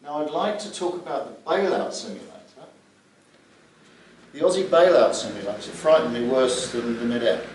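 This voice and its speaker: Middle-aged male glider pilot briefing colleagues, animated storyteller, mid pitch, distant mic with faint room noise. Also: normal speed. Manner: vivid, anecdotal, acts out scenes with gestures. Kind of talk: spoken safety talk to fellow pilots. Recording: echoey room from far off.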